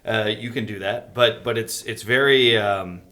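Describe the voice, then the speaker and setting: A man from the Chicago suburbs hosting a casual interview podcast, talking in a halting way and often repeating words as he restarts his sentences. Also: fairly low pitch, bright, forceful tone. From Chicago suburbs, Illinois, USA. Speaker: podcast host.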